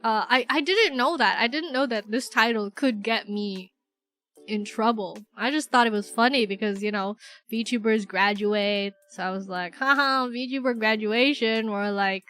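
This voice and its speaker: A woman's voice: mid-range voice, normal speed, fairly bright tone, faint music behind. A young woman from the Philippines chatting on a livestream, rambling and giggly with lots of fillers. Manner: rambling, giggly, filler-heavy, self-mocking. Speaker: VTuber streamer. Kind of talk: casual livestream chat.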